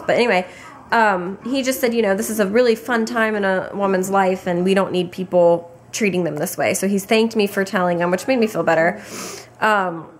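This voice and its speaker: A young woman telling a pregnancy story to the camera in a loose, chatty way, full of fillers and acted-out quotes. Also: medium pitch. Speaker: pregnant mother vlogging her pregnancy. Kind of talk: casual chat.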